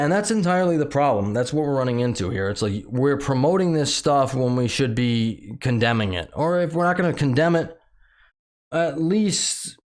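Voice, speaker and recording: A man with a slight lisp hosting his own channel, giving heated, repetitive commentary full of fillers and restarts. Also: mid-range voice. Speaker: channel host commenting on news. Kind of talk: casual ranting commentary.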